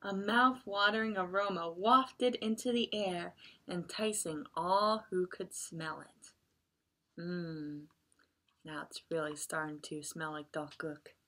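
A woman librarian reading a picture book aloud at children's story time, expressive and adding chatty asides for the kids. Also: fairly low pitch, takes it slowly.

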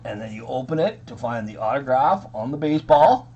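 A man hosting a card collecting unboxing, talking casually and getting excited over the cards. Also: mid-range voice, a little fast, muffled recording, slight background noise. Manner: excited, says "frickin' sick". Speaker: card collecting channel host.

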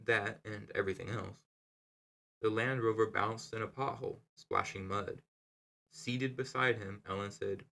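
A man with a low, gravelly voice reads a novel aloud. His narration is steady and measured, taking each sentence at an even pace. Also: a little hiss or hum, rough recording. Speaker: reader.

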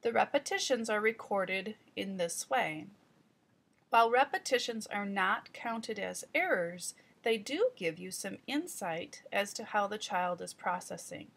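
Slow, deliberate woman teacher. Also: mid-range voice, animated, gravelly, a bit bright. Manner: deliberate, explanatory, addresses the viewer directly. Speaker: literacy teacher trainer. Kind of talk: instructional voice-over lesson.

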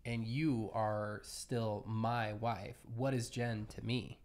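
A man co-hosting a podcast live stream, chatting casually in a relaxed, rambling, sleepy way. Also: on the low side, slow pace. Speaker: podcast co-host.

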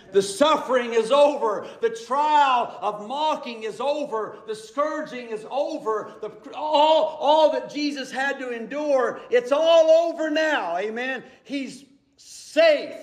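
Man, pastor, sermon, very high voice, echoey church room, loud-to-hushed swings, calls for amens. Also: expressive, slow. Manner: preaching with sudden swings between loud and hushed; calls out for "Amen?" from the congregation.

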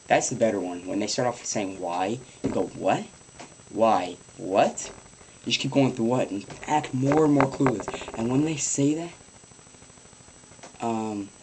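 Rambling teenage boy with a low voice. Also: darkish tone, a little hiss or hum, poor audio. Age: teens. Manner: rambling, swears casually, lots of ums. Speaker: vlogger. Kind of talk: casual advice vlog.

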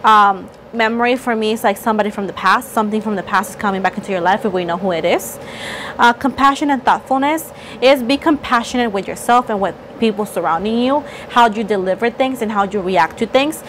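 Woman tarot reader, casual and teasing, mid-pitched, faint noise behind. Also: fairly quick. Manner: chatty, playful, teasing and excitable. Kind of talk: casual tarot reading to camera.

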